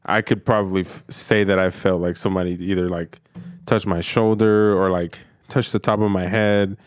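Low-voiced man telling ghost stories, dry sound. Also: steady tone, normal speed, clear, resonant tone, no echo. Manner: profane, rambling storyteller. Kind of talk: casual chat.

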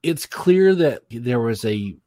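A man co-hosting a podcast, chatting casually about old films, rambling through lots of fillers and breaking into animated mock impressions. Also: medium pitch, takes it slowly, dry recording, studio quality. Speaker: podcast co-host. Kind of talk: casual film-review chat.

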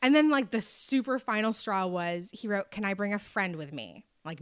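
A woman chatting casually, telling an animated story and acting out the people in it. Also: mid-range voice, moderate pace, hardly any pauses, clean tone. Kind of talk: casual chat.

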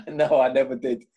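A man's voice: medium pitch, dark tone, breathy edge. A man co-hosting a podcast in casual banter, hesitant and searching for words. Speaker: podcast co-host.

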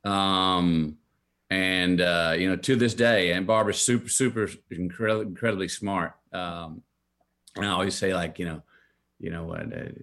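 A man in his fifties with a Texan accent, a guest in a casual interview who tells stories with animated voices and frequent laughter. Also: low-pitched, measured pace. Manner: animated storyteller, laughs often, acts out quoted voices. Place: his home.

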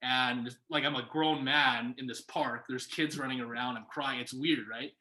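A young man telling a story in casual conversation, lively and acting out what people said. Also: medium pitch, normal speed. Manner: animated, acts out quoted voices. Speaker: guest. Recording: echoey room.

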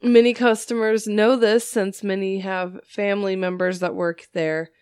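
A woman's voice: medium pitch, flat delivery, unhurried, darkish tone, smooth, dry recording. A woman with a middle-range voice reads a listener story on a podcast. She is chatty and keeps laughing at the funny parts. The recording is dry and close. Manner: chatty, laughs at her own reading. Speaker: podcast co-host reading listener stories. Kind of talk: casual storytelling read-aloud.

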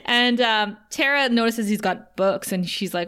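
A woman co-hosting a casual podcast recaps an episode, jumping into quick snippets of dialogue and laughing often. Her voice sits at an ordinary middle pitch. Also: smooth. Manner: animated retelling with quick quoted dialogue and frequent laughs. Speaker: podcast co-host.

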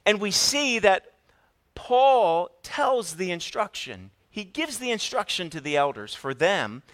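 A man preaching a sermon, telling a family story in an animated way and putting questions to the congregation. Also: sits high, takes it slowly. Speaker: pastor.

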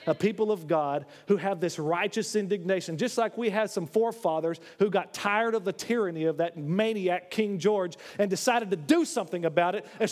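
A man delivers a sermon with emphatic, impassioned force, his voice sitting notably high. The sound carries a long reverb tail from a large church hall around him. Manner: emphatic, rising to impassioned declarations with jokes. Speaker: preacher.

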